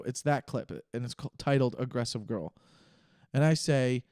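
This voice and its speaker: A man's voice: mid-range voice, steady tone, a little fast, a little mellow, clear, resonant tone, dry recording, clean studio sound. A man hosting his own podcast, a stand-up comedian talking casually in a rambling, stop-start way and correcting himself mid-sentence. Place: living room.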